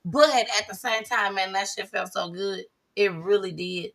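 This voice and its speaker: A woman hosting a casual talk show, telling stories animatedly and bursting into loud, high impressions. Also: fairly even intonation, unhurried, vocal fry. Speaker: host. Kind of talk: casual chat.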